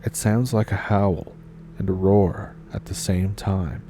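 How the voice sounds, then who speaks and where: A man narrating spooky first-person stories in a calm, measured way. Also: deep voice, a little hiss or hum. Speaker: horror story narrator. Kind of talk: storytelling narration.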